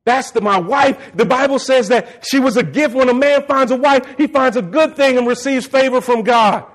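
High-voiced preacher, impassioned. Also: male voice, moderate pace. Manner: impassioned preaching, rising to shouts. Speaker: pastor. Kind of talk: sermon.

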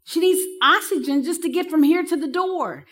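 A woman's voice: very high-pitched, normal speed. A woman giving a live talk to counselors, telling stories with humor and acting out the people she quotes. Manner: lively, humorous storytelling with acted-out quotes. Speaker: speaker teaching counselors.

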